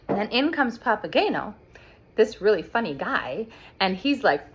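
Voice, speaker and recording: A woman explaining an opera plot to children as an expressive storyteller. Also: medium pitch, normal speed, husky. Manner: animated, expressive.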